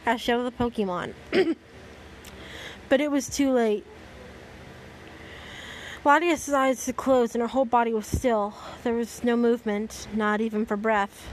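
A woman with a fairly high voice reads a story aloud, narrating in a plain way between dry, sarcastic asides. The tone shifts easily between storytelling and wry remarks. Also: moderate pace, long pauses, a little hiss or hum, low-quality recording. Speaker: host reading fan fiction aloud. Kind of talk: dramatic reading with sarcastic commentary.

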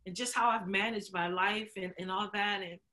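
Bright-voiced woman telling a candid story. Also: mid-range voice, steady tone, moderate pace. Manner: emotional, chokes up while telling it; laughs often, acts out quotes. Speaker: show host sharing her story. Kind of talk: candid conversation.

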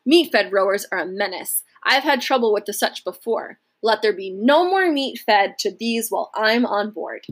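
A woman's voice: medium pitch, lively intonation, normal speed, hardly any pauses, husky. A woman reading the lines of a haughty Roman legate with a cool, impatient manner. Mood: curt. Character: disdainful Roman male officer, cold and impatient.

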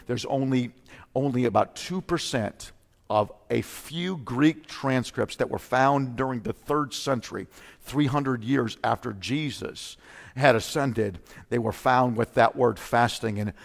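A male preacher delivering a fervent sermon, swinging from loud outbursts to low, intense teaching, often clearing his throat. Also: unhurried. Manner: frequent throat clearing and repeated "come on now". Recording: long reverb of a large hall.

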